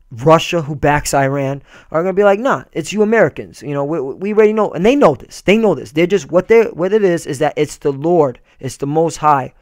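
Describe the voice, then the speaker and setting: A man's voice: fairly high pitch, clear, resonant tone, no room sound, studio quality. A man preaching a fiery, profane sermon and reading scripture aloud. He stumbles and repeats himself often and keeps asking "all right?".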